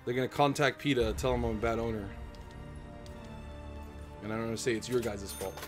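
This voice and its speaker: A man's voice: medium pitch, fairly even intonation, a little fast, music in the background. A man streaming a video game, chatting casually and joking with his viewers. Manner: chatty and playful, jokes with viewers. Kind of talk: casual live-stream chat.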